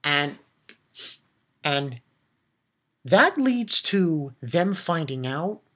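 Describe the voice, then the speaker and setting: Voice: medium pitch, big pitch swings, drawn-out words, fairly bright tone. An anime reviewer giving a casual episode recap, rambling with frequent restarts and fillers and getting emotional about the story.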